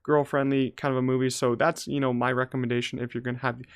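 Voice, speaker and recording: A man's voice: medium pitch, little pitch movement, quick pace, clean tone. A man giving a casual movie review to his channel, chatty and loose, leaning on "you know" and "like" as he talks.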